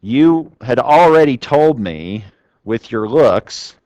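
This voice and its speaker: A man's voice: medium pitch, expressive, slow pace, darkish tone, dry recording, muffled recording. A man giving a university classroom lecture, talking conversationally and putting questions to the class. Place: lecture room.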